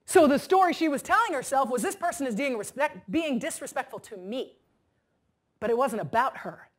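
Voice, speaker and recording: Woman speaker doing a motivational talk, kinda high voice, acts out people in her stories. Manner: animated storytelling, acts out quoted voices. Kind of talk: keynote talk to an audience.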